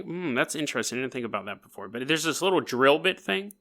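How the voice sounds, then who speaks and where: A man's voice: fairly high pitch, quick pace, few pauses. A man hosting a podcast, retelling a strange story with jokes and acted-out quotes. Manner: jokey, animated, acts out quotes. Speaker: podcast host. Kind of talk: comedic storytelling.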